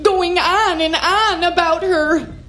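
A woman's voice: extremely high pitch, slow pace, voice pushed up, exaggerated voice. A woman comedian performing a character monologue as a prim, flustered mother with folksy sayings. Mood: prudish. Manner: prudish, folksy, escalating into manic shouting.

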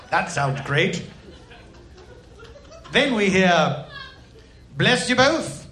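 A man telling an absurd comic story on stage in a very high, bright voice. His pitch jumps around in a lively way, and the room echoes around him. Faint ambience hangs behind. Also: slow, long pauses, slight background noise. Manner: playful, absurd storytelling with silly put-on voices. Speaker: comedian. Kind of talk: comic monologue with character voices. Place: live stage in front of an audience.

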